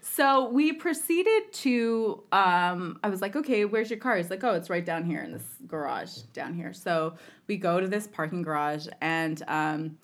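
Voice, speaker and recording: A woman's voice: fairly low pitch, expressive, measured pace. A woman on a podcast telling a long, casual story, acting out what people said in changing voices and laughing often. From Los Angeles area. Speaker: podcast guest.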